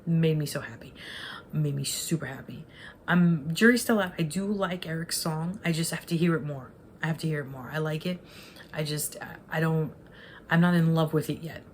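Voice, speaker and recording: Low-voiced woman in her forties reviewing. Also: moderate pace, a little hiss or hum. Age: 40s. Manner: rambling and self-correcting, openly emotional. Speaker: online movie reviewer. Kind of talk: casual spoken film review.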